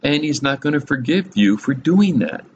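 A man's voice: fairly high pitch, lively intonation, normal speed, highs cut off, a little hiss or hum. A man giving a conversational Bible teaching, chuckling often, adding humorous asides and asking his listeners direct questions.

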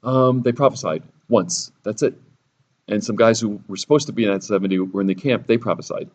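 A man's voice: fairly low pitch, brisk, a little mellow. A man teaching a Bible lesson sermon-style, sarcastic and theatrical, raising his voice for the quoted lines.

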